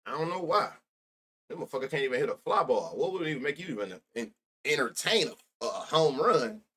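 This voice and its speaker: A man's voice: mid-range voice, animated, brisk, sharp tone, breathy edge. A young man streaming live about sports bets, rambling and profane, laughing often and talking straight to his chat.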